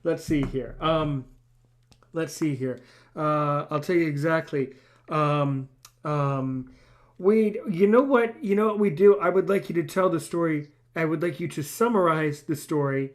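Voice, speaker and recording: Podcast host, man, enthusiastic, joking, repeats words, fairly high voice. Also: a little slow. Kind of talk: casual interview chat.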